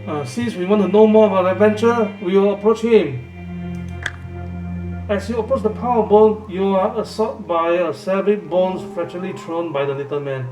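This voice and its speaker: A nervous man reads a fantasy gamebook aloud, halting and restarting, with his voice sitting a little high. He sounds distant in a roomy space, with music playing behind him. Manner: hesitant, halting, with many fillers and restarts. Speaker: gamebook reader and channel host. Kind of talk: casual live gamebook playthrough.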